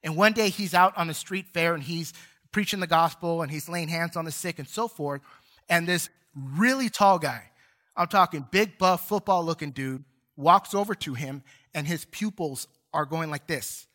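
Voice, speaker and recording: Bright-voiced earnest pastor preaching. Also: male voice, on the high side. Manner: earnest, builds to emphatic storytelling peaks. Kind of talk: sermon. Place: church sanctuary.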